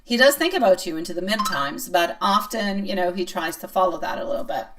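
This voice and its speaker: A woman's voice: fairly low pitch, expressive, brisk, a bit bright. Chatty woman tarot reader, distant mic. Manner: chatty, playful, self-mocking, answers chat comments. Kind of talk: live-stream tarot reading.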